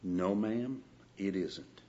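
A man voicing a calm, devout Southern gentleman with a Southern US drawl. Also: low voice, drawn-out words, lo-fi sound, a little hiss or hum, voice pushed down. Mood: earnest.

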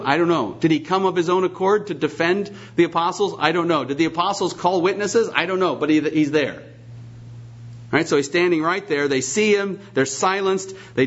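A man's voice: sits high, slightly rough. A man preaching a sermon, emphatic and repetitive, posing rhetorical questions, in a dull lo-fi recording.

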